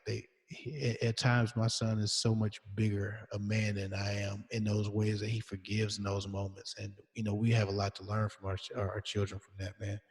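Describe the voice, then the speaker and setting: A man's voice: on the low side, darkish tone, husky, long reverb tail. A man co-hosting a podcast about fatherhood, speaking in an earnest, thoughtful, emphatic way. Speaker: podcast co-host. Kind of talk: casual chat.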